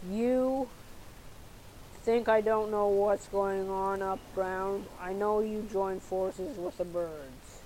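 A woman voicing a fat, paranoid male rat prince who bellows accusations, read slowly with faint hiss behind. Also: medium pitch, steady tone, mellow, lightly acted, rough recording. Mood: angry.

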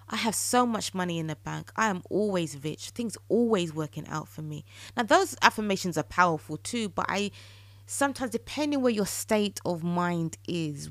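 A woman hosting a solo podcast, talking earnestly and coaching listeners through affirmations she recites slowly. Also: medium pitch, no echo. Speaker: podcast host. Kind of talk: solo podcast talk on manifestation.

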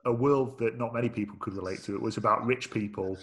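A man's voice: fairly low pitch, fairly even intonation, fast talker, a bit bright. A man from England hosting a casual podcast chat, steering the talk with many fillers. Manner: friendly, guiding the talk, hesitant fillers. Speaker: podcast host.

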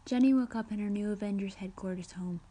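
A woman's voice: mid-range voice, quick pace, mellow, slightly rough. Woman reading her own story aloud. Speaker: reader of her own fan fiction.

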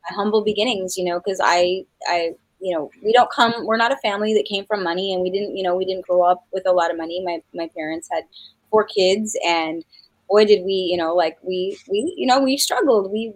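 A middle-aged woman from New Mexico, a guest singer, chats warmly in a casual interview, laughing often and using many fillers and restarts. Her voice is lowish, and the audio has no echo but is poor.

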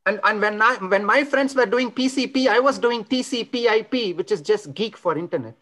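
Indian guy doing deadpan stand-up, crude one-liners, open mic club. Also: high voice, brisk. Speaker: stand-up comedian. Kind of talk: stand-up comedy set.

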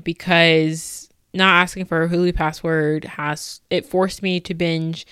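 A woman's voice: on the low side, fairly bright tone, no room sound, studio quality. A young woman in her twenties hosting a casual solo podcast, gushing and laughing often as she fangirls. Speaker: podcast host.

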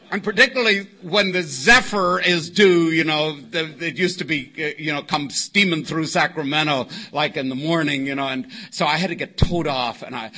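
An older man from California tells a wry, winding story at a recovery meeting, slipping into the voices of the people he quotes. His voice sits fairly high and rings bright. He talks in an easy, anecdotal way. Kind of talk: storytelling talk to a live meeting. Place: meeting hall before an audience.

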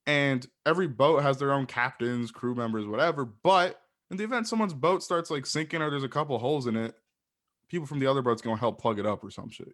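A man in casual conversation, passionate and rambling, cursing freely. His voice sits at an ordinary middle pitch. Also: fast, a bit bright. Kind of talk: casual chat.

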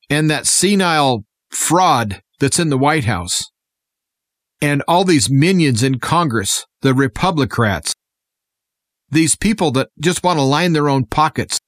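A man from the United States guest-presenting a radio segment, his voice sitting somewhat high for a man. He speaks in an earnest, impassioned way. The sound is dry and close, with no room around it. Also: no room sound. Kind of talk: scripted radio monologue.

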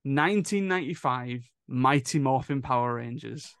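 A man's voice: mid-range voice, normal speed, a bit bright, smooth, no echo. A man hosting a podcast, telling stories in casual chat with hesitant restarts. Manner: storytelling, hesitant with fillers. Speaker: podcast host.

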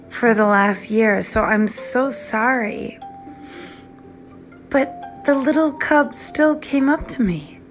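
A woman's voice: a little high, soft background music. A woman from the East Coast of the US, talking over a phone in a rambling personal voice memo that drifts into whispers. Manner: slow, meandering, drifts into whispers. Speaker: podcast host.

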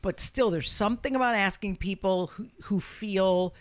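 A woman's voice: medium pitch, moderate pace. A woman in her fifties, a comedian hosting a podcast, telling stories in a brash, profane, self-deprecating way. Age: 50s. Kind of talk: casual podcast chat.

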